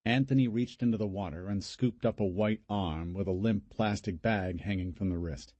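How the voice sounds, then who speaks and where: A man narrating a horror audiobook in a steady, measured way. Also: fairly low pitch, dry recording, muffled recording. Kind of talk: scripted narration.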